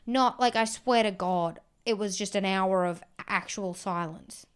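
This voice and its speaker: A woman comedian co-hosting a casual chat, telling stories in an animated, rambling way, full of "like". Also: medium pitch, a little slow, clean tone. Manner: animated, rambling storyteller with many "like"s. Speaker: comedian and podcast co-host.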